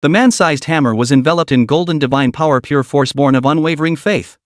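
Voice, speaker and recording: A man narrating a fantasy story recap in a steady, dramatic storytelling manner. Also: on the high side, brisk, no room sound, clean studio sound.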